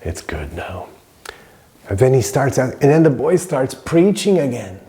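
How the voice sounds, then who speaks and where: A man's voice: medium pitch, big pitch swings, a little slow, warm tone. A man teaching a spiritual story in a casual, rambling way, full of fillers. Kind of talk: storytelling lesson.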